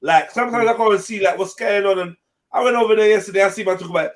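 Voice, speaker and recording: A man hosting a casual panel chat, slangy and animated, with quick swings in loudness. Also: high-pitched.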